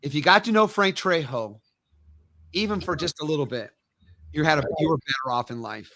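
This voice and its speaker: A man's voice: on the high side, fairly quick, no echo. A middle-aged man, a karate master and interview guest, telling emphatic stories in a casual interview. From United States. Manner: animated, emphatic anecdotes.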